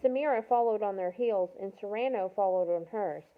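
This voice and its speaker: A woman's voice: mid-range voice, moderate pace. Woman reading a novel aloud over a phone line. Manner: steady reading with brief asides. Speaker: reader. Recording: tinny phone-like sound.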